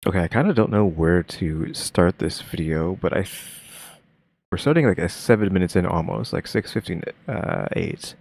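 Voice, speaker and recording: Give me a deep-voiced man casually commentating a reaction stream, rambling and restarting. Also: lively intonation, normal speed, vocal fry, a little mellow. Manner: rambling, many fillers and restarts.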